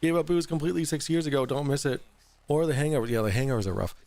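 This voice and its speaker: A man's voice: on the high side, very fast, darkish tone, no echo. Rambling, laughing livestream host guy. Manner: loose, rambling, swears freely, laughs often. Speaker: livestream talk show host. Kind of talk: casual livestream chat reading super chats.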